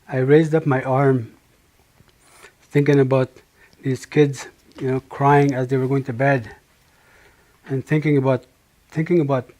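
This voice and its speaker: A middle-aged man from Manitoba giving a personal testimony, speaking slowly and haltingly with many pauses and restarts. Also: medium pitch, dark tone. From Manitoba, Canada. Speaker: speaker sharing his life story.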